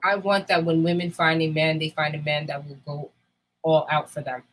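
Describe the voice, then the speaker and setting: Husky low-voiced woman, blunt and emphatic. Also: flat delivery, moderate pace, poor audio. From United States. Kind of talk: candid casual chat.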